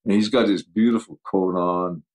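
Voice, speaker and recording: Deep-voiced older man telling stories. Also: normal speed, low-quality recording. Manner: animated anecdotes, acts out quoted voices, laughs often. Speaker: football coach guest. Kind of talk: casual storytelling interview.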